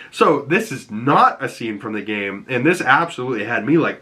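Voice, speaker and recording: Excitable Boston man recapping a show. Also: lowish voice, normal speed, hardly any pauses. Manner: excitable, rambling, animated retelling. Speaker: TV show reviewer. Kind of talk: casual recap vlog.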